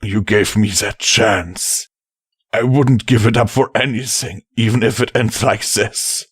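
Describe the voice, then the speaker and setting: A man voicing a gentle, dying stallion father who speaks softly and tenderly, as an audiobook character. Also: fairly low pitch, fairly even intonation, unhurried, breathy edge, no room sound, clean studio sound. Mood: resigned. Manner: soft, tender and quiet.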